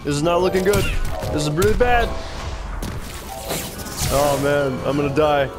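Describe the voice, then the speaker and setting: A man's voice: a little high, expressive, moderate pace. A man from Tucson, Arizona, doing casual commentary while playing a fighting game, yelping and laughing as he plays. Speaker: gaming video creator. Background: loud fighting game music and sound effects.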